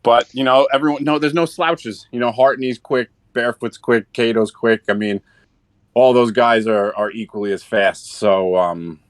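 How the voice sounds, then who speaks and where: A man co-commenting a live sim racing broadcast from his home office, speaking in a relaxed, halting, teasing way. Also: medium pitch, smooth, no room sound. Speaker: race co-commentator. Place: home office on a remote call.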